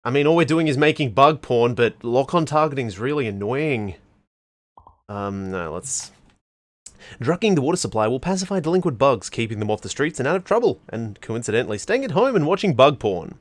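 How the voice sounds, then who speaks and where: A man's voice: medium pitch, sing-song, brisk, no room sound. A man hosting a let's play, giving casual, wry commentary on a game and reading on-screen text aloud.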